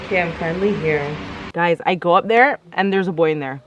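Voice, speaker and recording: A woman's voice: on the low side, fairly quick, muffled recording, a little hiss or hum. A young woman telling a story in a casual vlog, chatty and exasperated, acting out both sides of each conversation. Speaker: vlogger.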